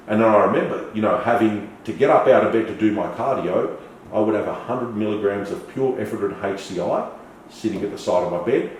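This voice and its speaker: Aussie bloke spinning animated stories, lowish voice, faint room hum. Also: male voice, very echoey, recorded from a distance, low-quality recording. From Australia. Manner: animated, swearing, storytelling with acted quotes. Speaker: podcast guest. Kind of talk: casual storytelling interview.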